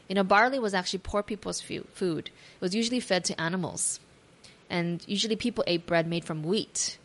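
A woman giving a devotional talk, reading scripture aloud and retelling the story imaginatively with gentle asides to the listener. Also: medium pitch, fairly quick. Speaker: devotional speaker.

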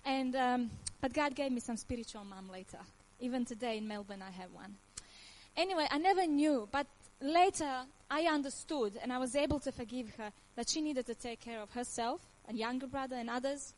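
Woman, Croatian accent, high voice, faith testimony, earnest and emotional, nonnative English. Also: brisk, a little hiss or hum, low-quality recording. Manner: earnest, emotional, laughs often, nonnative grammar. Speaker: testimony speaker.

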